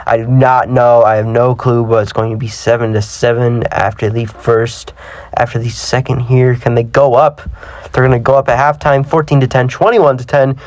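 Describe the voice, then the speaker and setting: This gaming channel host, a young man who's a little under the weather, commentates a football simulation game at normal speed. His mid-range voice shows little pitch movement, and he's chatty, self-deprecating, and prone to tripping over words in this casual commentary.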